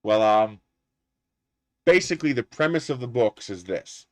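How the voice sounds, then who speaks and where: A man hosting a loose, unscripted livestream, wandering from thought to thought in an easy, rambling way. His voice sits at an ordinary middle pitch, and he often breaks into laughter at his own jokes. The sound is dry and close, with no room echo around it. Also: animated, unhurried, a little mellow. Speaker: livestream host. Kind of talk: casual livestream chat.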